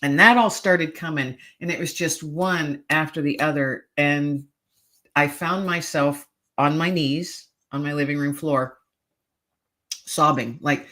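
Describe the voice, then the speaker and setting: A woman's voice: low-pitched, fairly bright tone. A middle-aged woman, a podcast guest, telling a personal story earnestly and emotionally, with hesitant restarts.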